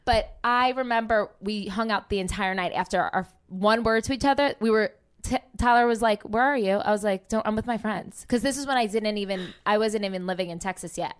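A woman's voice: medium pitch, a little fast, few pauses, clear, resonant tone. A woman hosting a podcast in casual chat, gushing and effusive, with casual swearing. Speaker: podcast host.

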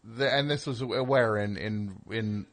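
A man's voice: fairly low pitch, slow pace. A man hosting a call-in show in casual chat, riffing sarcastically with stammering restarts.

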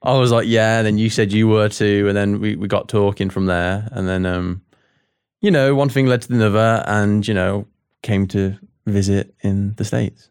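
A young British man is a guest on a podcast, answering in a relaxed, hesitant way with plenty of fillers. His voice is very low, and it is recorded dry and close. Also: normal speed, smooth, dry recording. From United Kingdom. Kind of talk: interview answers.

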